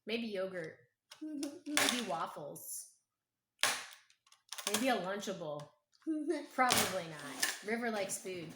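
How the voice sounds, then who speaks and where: A hoarse, strained woman, a mother gently telling family stories to her child at home, unhurried and humming as she thinks. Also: medium pitch, lively intonation. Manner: gentle, unhurried, thinking aloud with hums and pauses. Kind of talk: casual storytelling to her child. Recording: echoey room with clear background noise.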